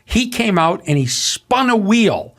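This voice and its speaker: A man with a fairly high voice tells a backstage story as a podcast guest. His pitch jumps around as he talks, and he builds the story with a lot of energy. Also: measured pace. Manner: lively, animated storytelling. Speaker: comedian guest. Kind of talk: anecdote on a podcast.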